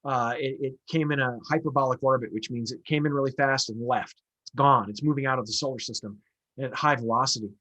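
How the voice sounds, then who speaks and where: A man's voice: mid-range voice, steady tone, brisk, fairly bright tone. A man, an astronomer, answering audience questions in a casual, conversational lecture with frequent fillers and restarts.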